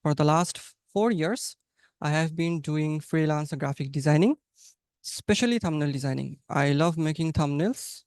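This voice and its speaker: Young Bangladeshi male host, high voice, dry close sound, encouraging and playful on a video call. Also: moderate pace, darkish tone, clear, resonant tone, no echo. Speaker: English conversation practice host. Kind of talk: casual online class talk. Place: home, online webinar.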